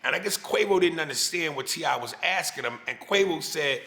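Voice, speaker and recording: A man's voice: a little high, animated, fairly quick, creaky, pushed and bright, echoey room. A man from New York with a New York accent, a comedian ranting animatedly and profanely in a casual interview. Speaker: comedian guest.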